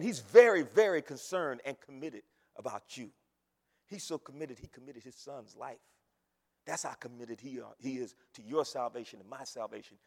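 A man preaching a sermon, repeating phrases and rising to shouts. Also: medium pitch, vocal fry, breathy edge. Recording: long hall reverb.

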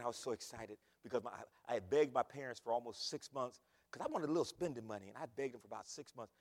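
A man preaching a sermon as pastor, repeating phrases and swinging from loud bursts to quiet asides. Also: medium pitch, a little fast, in a large hall. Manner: emphatic, repetitive preaching with big swings in loudness. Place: church.

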